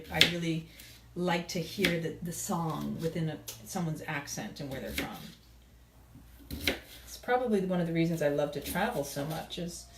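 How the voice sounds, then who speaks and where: Chatty woman rambling from across an echoey kitchen. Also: fairly low pitch. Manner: rambling, storytelling, asks viewers for comments. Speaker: cooking show host. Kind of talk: casual chat to viewers while cooking. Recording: echoey room, mic far off, background noise.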